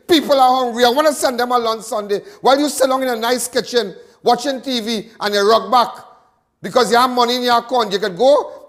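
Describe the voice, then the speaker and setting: A man's voice: very high voice, fairly bright tone. A Trinidadian man hosting a live crime talk show, delivering a fiery monologue full of repetitions and stammered restarts.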